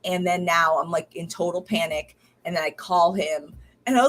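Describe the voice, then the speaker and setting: A woman's voice: fairly low pitch, normal speed, fairly bright tone. A woman in her thirties chatting casually diary-style, rambling with many fillers and restarts, tired and recovering from illness. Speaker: podcast host.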